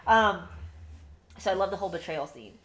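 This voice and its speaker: A woman co-hosting a podcast, giving a blunt, profane, animated book review in casual chat. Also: on the low side, normal speed, crowd noise. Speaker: podcast co-host.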